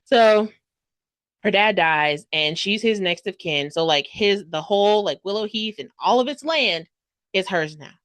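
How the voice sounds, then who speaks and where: A woman gushes through a book review in a casual, chatty way, peppered with "like" and "okay?". Her pitch leaps all over as she acts out characters' lines in a mid-range voice. The sound is close and dry. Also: expressive, a little slow, dry recording. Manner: gushing, chatty, full of "like" and "okay?"; dramatic quoted voices and sudden loud outbursts.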